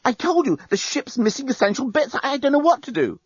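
A man's voice: sing-song, brisk, slightly rough, no echo, dull audio, exaggerated voice. A man reading aloud and voicing a flustered, stammering journalist in a storybook. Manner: high, breathless and stammering. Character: panting, flustered male journalist.

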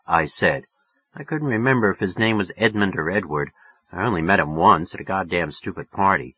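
A man's voice: low voice, very animated, normal speed, breathy edge, no echo. A man narrating an audiobook in the first person, with a wry, offhand, sardonic delivery. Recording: muffled lo-fi recording.

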